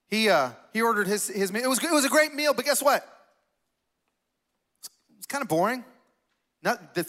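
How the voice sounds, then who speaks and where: A man preaching a sermon in a conversational, animated way, telling a personal story and asking the congregation questions. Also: high voice. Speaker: pastor.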